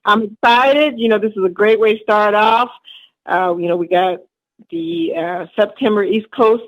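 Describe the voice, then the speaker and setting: Female trainer, casual and excited, dry and muffled call sound. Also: medium pitch, normal speed, no room sound. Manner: casual, excited, many fillers. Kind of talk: closing remarks on a call.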